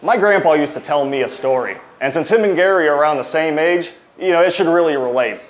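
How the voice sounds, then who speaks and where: A man's voice: fairly high pitch, fast. A man speaking as a wrestling champion, mocking his opponent and telling a taunting story. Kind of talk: trash-talking wrestling promo.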